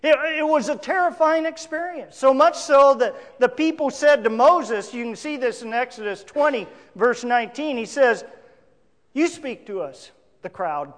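A male pastor preaching a sermon, emphatic, with big swings between loud declarations and quiet asides. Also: very high voice, moderate pace, hardly any pauses, big-room sound.

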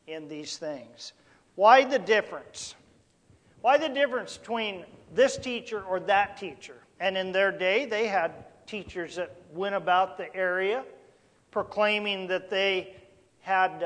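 A man's voice: high voice, a bit bright. A man preaching as a pastor, teaching unhurriedly with rhetorical questions and a few fillers and restarts. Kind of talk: sermon teaching. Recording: long echoey hall reverb.

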